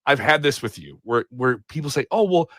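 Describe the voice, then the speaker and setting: A man's voice: mid-range voice, a little fast, no echo, clean studio sound. A man hosting a casual podcast interview, chatty and joking, the talk of a radio personality. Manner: chatty, lively, jokey asides. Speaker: guest host and radio personality.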